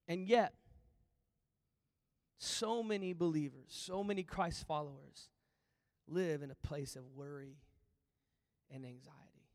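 A man preaching a sermon as pastor, moving between loud emphatic lines and hushed, almost whispered ones. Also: high-pitched, expressive, a little slow, pauses often. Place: church auditorium. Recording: long reverb of a large hall.

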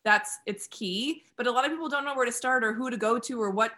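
A woman's voice: on the high side, fast talker, sharp tone. A woman hosting a podcast, chatty and affirming in a casual conversational interview. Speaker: podcast host.

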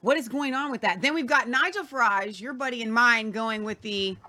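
A woman's voice: on the high side, moderate pace, sharp tone. A woman co-hosting a casual weekly news show, chatty and opinionated. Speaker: co-host.

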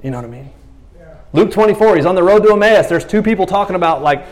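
A man's voice: high voice, very animated, a little fast. A man preaching a casual, conversational sermon, telling stories animatedly and acting out quoted lines in playful voices. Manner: conversational fillers like "you know what I mean". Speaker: pastor.

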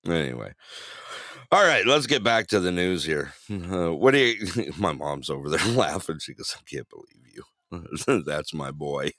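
A man's voice: low voice, a little slow, no room sound, clean studio sound. A man co-hosting a talk show, telling stories with lots of laughter. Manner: laughing storyteller, animated. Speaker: radio show co-host. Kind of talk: casual chat show banter.

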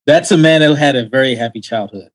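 A man's voice: medium pitch, quick pace. Enthusiastic man in casual chat. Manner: enthusiastic, explains at length. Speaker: podcast panelist.

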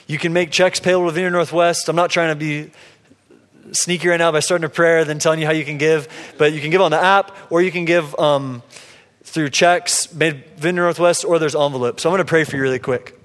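A man preaching a sermon as pastor, telling a story in a casual, conversational way. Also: a little high. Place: church sanctuary. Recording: long hall reverb.

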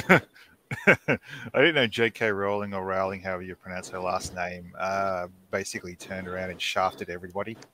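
A man's voice: low-pitched, fairly even intonation, moderate pace, sharp tone, slight background noise. A man co-hosting a casual podcast chat, rambling along with plenty of filler words. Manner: rambling, with frequent fillers and restarts. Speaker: podcast co-host.

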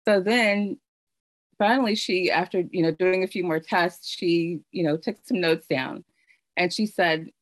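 A middle-aged woman telling her personal story in an earnest, halting way, with fillers and restarts. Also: on the low side, dry recording. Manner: emotional storytelling. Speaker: speaker sharing her story. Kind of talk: personal testimony.

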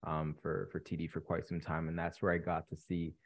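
A young man in his twenties from Canada, a guest telling his story in a relaxed interview with many ums. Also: a bass voice, brisk. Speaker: podcast guest, real estate investor. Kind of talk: casual interview chat.

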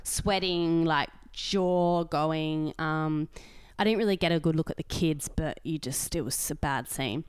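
A woman's voice: deep voice, a little slow, smooth, no room sound, clean studio sound. A young Australian woman co-hosting a podcast, telling a story in casual chat and acting out the people in it. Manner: animated storytelling, acts out quoted voices. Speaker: podcast co-host.

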